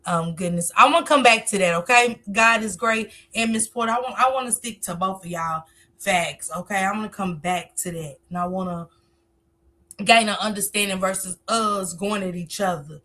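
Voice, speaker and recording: Bright-voiced woman hosting a live stream. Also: medium pitch, moderate pace. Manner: talkative, reads viewer comments aloud and answers them. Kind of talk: casual live stream commentary.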